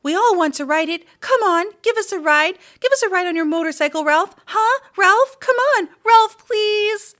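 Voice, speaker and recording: A woman voicing a bunch of small, squeaky young mouse cousins who beg in high voices. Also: animated, normal speed, few pauses, fairly bright tone. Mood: pleading.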